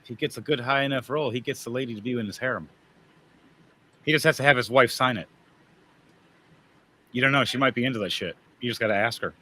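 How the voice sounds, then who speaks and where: A man's voice: mid-range voice, fast, pauses often, bright, forceful tone. A man narrating as game master, rambling and often laughing.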